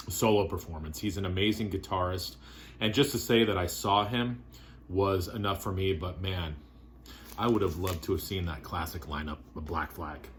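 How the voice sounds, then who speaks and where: Man, very low voice, casual record-collector chat, rambling with fillers, faint hiss behind. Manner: relaxed, rambling, wistful, with many fillers. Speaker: vinyl collector vlogger.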